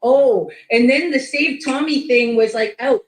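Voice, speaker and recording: A woman's voice: high voice, measured pace. Woman telling a story in an echoey room. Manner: lively, full of reported speech and swearing. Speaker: guest. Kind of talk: casual storytelling.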